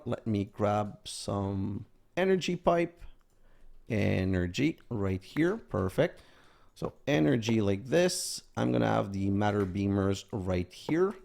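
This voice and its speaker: A man's voice: on the low side, vocal fry, darkish tone. A man hosting a gaming video, casually commenting as he plays and thinking aloud, sometimes counting items under his breath.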